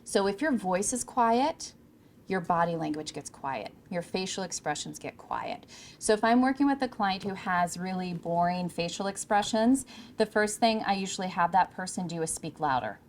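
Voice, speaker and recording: A woman's voice: on the low side, expressive, normal speed, a little hiss or hum. Woman coaching an audience, projected voice. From California. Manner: projected, emphatic coaching delivery. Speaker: speaker. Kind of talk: presentation to interns. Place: event room with audience. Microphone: handheld or podium microphone.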